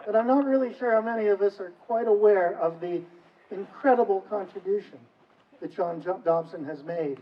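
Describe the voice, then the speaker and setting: A man's voice: high voice, normal speed, a little hiss or hum. A man presenting an honoree to an audience in a formal, admiring speech. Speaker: event presenter. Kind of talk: public introduction speech. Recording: dull, distant hall recording.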